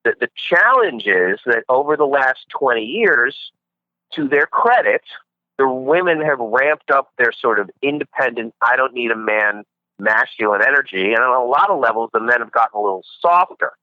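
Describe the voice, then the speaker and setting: A man calling into a podcast as a guest, telling dating-show stories in a casual, animated way. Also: mid-range voice, normal speed, no room sound. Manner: storytelling, animated retelling. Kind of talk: casual chat by phone. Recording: dull lo-fi call-in line.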